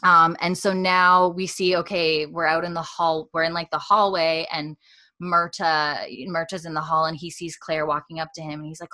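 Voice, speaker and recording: A woman's voice: low voice, flat delivery, normal speed, pushed and bright, no room sound. A woman casually recapping a TV episode, chatty and rambling, with frequent laughs.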